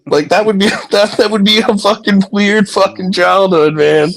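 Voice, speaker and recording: A man's voice: high-pitched, unhurried. A man chatting casually on a phone from bed, rambling with lots of fillers, swearing and laughing. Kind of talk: casual online chat.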